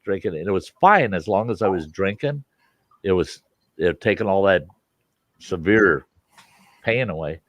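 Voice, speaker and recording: A man hosting a casual chat, telling lively anecdotes and acting out the people in them. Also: on the low side, dry recording. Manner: animated storyteller, acts out voices in anecdotes. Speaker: host. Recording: dull lo-fi, dry sound.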